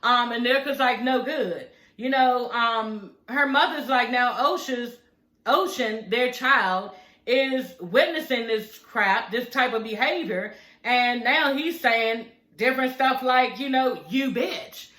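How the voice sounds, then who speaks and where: A woman's voice: fairly high pitch, measured pace, pushed and bright. A woman casually recapping a reality TV show, chatty and blunt, swearing freely. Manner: chatty, blunt, profane commentary. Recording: roomy echo.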